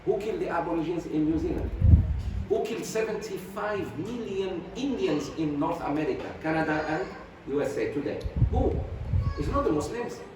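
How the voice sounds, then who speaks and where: A man delivering a fiery religious class, firing off rhetorical questions and dropping Arabic phrases. His raised voice swings widely in pitch. It is heard from a distance in a heavily echoing space with steady background noise. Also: normal speed. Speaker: sheikh teaching Quran commentary. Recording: very echoey, distant mic, noisy.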